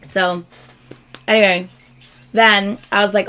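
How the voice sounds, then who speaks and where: A young woman hosting a casual live stream, telling a story excitedly and swearing freely. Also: fairly low pitch, moderate pace, pauses often. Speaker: host.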